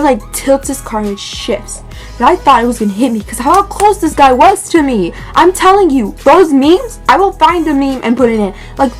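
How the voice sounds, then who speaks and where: A young woman vlogger casually telling a dramatic story, animated and filled with "like" and swearing. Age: young adult. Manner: animated, lots of "like", swears, rises in pitch when excited.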